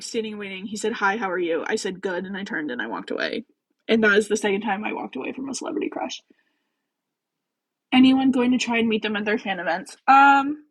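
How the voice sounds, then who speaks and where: A woman chatting casually on a livestream as host. Her voice is husky and sits a little high. She rambles and giggles, peppering her talk with "like" and "um," and pokes fun at herself. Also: poor audio. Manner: giggly, self-deprecating. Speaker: host of a book-chat livestream.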